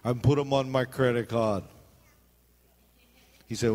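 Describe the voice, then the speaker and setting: Preaching with humor, this middle-aged pastor speaks Hawaiian Pidgin-accented English and spins chatty stories, jumping into character voices. His voice is medium in pitch and darkish, steady in tone at a normal speed.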